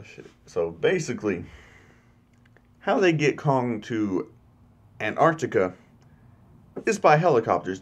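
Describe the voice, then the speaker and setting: A man casually retelling a movie's plot in a spoiler review, swearing freely and acting out scenes. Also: on the low side. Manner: profane, animated plot retelling.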